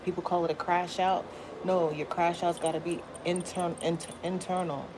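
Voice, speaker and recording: A woman hosting a tarot stream, talking casually and bluntly to her viewers with lots of swearing and quick asides. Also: lowish voice. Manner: blunt, profane, chatty, laughs and exclaims often. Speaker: tarot reader livestream host. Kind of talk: casual spiritual talk to viewers. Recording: steady background noise.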